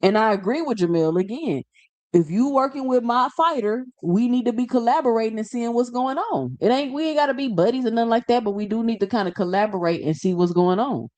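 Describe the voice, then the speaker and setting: A woman's voice: a little high, lively intonation, brisk, darkish tone, no echo. A woman hosting a live reaction show, talking bluntly and firing off rhetorical questions in casual commentary.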